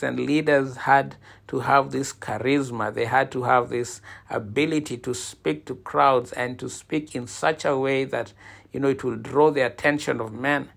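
A male preacher with a gravelly, creaky edge to his voice and a medium pitch. He walks listeners through a scripture passage in a teaching sermon, often restarting phrases and leaning on fillers as he explains. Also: fairly bright tone.

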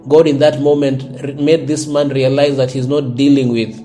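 A South Sudanese pastor preaches earnestly in a warm, mid-range voice, his delivery flat and his pace moderate. Faint music plays behind him, and he repeats words often while finding his phrasing.

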